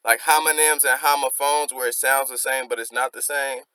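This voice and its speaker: A man's voice: medium pitch, steady tone, normal speed, bright, forceful tone, smooth, no echo, low-quality recording. A man hosting a music reaction, reflectively explaining song lyrics line by line in casual slang.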